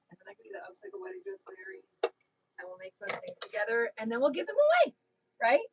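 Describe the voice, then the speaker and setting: Her pitch is extremely high and swoops wildly as this fast-talking woman, whose accent mixes New Jersey and Tennessee, rambles chattily while hosting a casual YouTube livestream and reading viewer comments. The audio is poor, with slight background noise.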